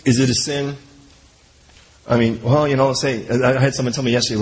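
A man's voice: medium pitch, flat delivery, fairly quick, long pauses, a little hiss or hum, low-quality recording. A man preaching a sermon in a loose, conversational way, full of joking asides and sentences he breaks off and restarts. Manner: restarts and trails off mid-sentence. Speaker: pastor.

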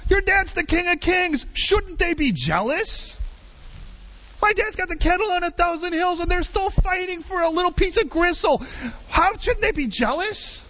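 A middle-aged man preaching a sermon through a personal story, animated and rambling, with many restarts and asides. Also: extremely high pitch, muffled recording.

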